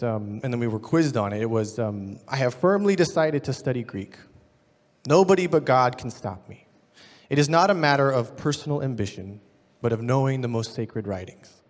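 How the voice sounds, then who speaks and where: A man telling a story in a sermon, animated and acting out a shouting class. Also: mid-range voice, in a large hall.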